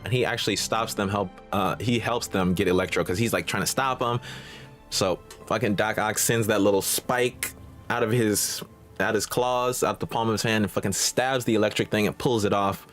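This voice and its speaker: A man's voice: lowish voice, fairly even intonation, normal speed, a bit bright, faint music behind. A man hosting a movie reaction channel, recapping the plot in a casual, slangy, profane way. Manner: slangy, profane, streetwise banter.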